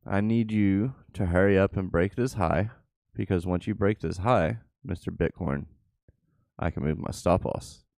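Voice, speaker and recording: A man who hosts a channel casually narrates his crypto trades live, muttering offhand remarks to himself. His voice is low and darkish with vocal fry, he takes his time, and there's no echo.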